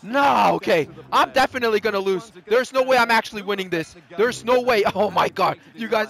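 Excitable shrieking game commentator. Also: mid-range voice, moderate pace, creaky, few pauses. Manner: excitable, yelps and shrieks at near misses; mixes Spanish exclamations into English. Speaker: gamer. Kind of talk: let's play commentary. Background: faint background music.

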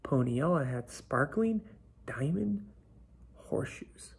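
A man reading a children's picture book aloud, unhurried, often dropping to a whisper. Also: fairly high pitch, animated, vocal fry, husky. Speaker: storybook reader. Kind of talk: children's story read aloud.

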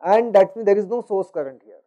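Brief: man lecturing, mellow fairly high voice, lo-fi classroom recording. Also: quick pace. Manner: explanatory, frequent "you know" and "is it not?". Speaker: university lecturer.

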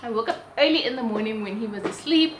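A young South African woman vlogger with a South African accent, telling a personal story in a chatty, animated way. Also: fairly high pitch, quick pace. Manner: animated, chatty, restarts sentences. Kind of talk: casual storytelling to camera. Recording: roomy room with faint ambient noise.

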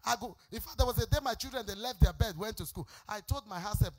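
A woman's voice: mid-range voice, fast talker, few pauses. Nigerian lady pastor, sing-song preaching, scolds hard, middle-aged. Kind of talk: sermon. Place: church service.

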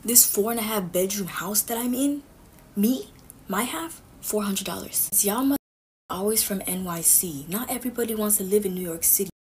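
A woman's voice: mid-range voice, a little fast, darkish tone, a little hiss or hum. A woman ranting defiantly, mocking her critics with profanity. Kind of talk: casual rant to phone camera.

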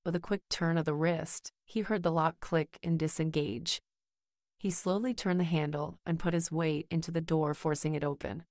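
A woman narrating a horror story in a slow, measured storytelling manner. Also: sits low, fairly even intonation, darkish tone, dry recording, studio quality.

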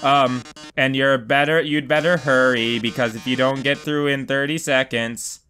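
A man's voice: medium pitch, fairly even intonation, normal speed, sharp tone, soft background music, lightly acted. A man voicing a flamboyant male robot TV star with a dramatic, purring delivery, reading game dialogue aloud. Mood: theatrical.

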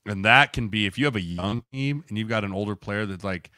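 Bright-toned man, chatty podcast host. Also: on the low side, a little fast, clear, resonant tone, no echo, studio quality. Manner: conversational, fills speech with "like" and "right". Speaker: podcast co-host, former lineman. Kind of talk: casual podcast chat.

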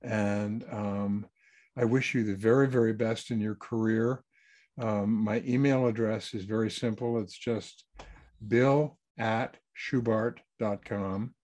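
A man's voice: lowish voice, fairly even intonation, slow pace, darkish tone. A man, a published author, answering questions in an easygoing, anecdotal way over a video call. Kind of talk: online Q&A talk.

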